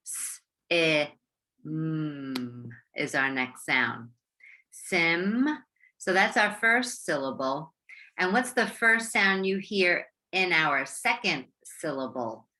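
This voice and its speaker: A woman teacher with an American accent giving a slow, encouraging phonics lesson to young students, stretching out sounds and syllables. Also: low voice, sing-song, bright, forceful tone. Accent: American English. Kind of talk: slow, clear classroom instruction for young learners.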